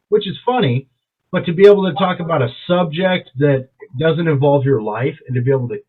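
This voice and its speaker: A man's voice: a little high, lively intonation, a little fast. A man co-hosting a casual podcast chat, rambling and swearing with enthusiasm. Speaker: podcast co-host. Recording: tinny phone-like sound.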